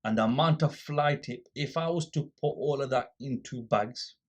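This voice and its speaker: Husky man telling a lively story. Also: medium pitch, moderate pace. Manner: animated storyteller acting out quoted exchanges. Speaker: podcast guest. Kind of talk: casual storytelling chat.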